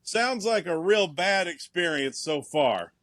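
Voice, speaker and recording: A man's voice: sits high, lively intonation, takes it slowly, fairly bright tone, no echo. A man co-hosting a podcast in casual chat over a video call, talking music and telling stories. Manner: chatty, storytelling. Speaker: podcast co-host.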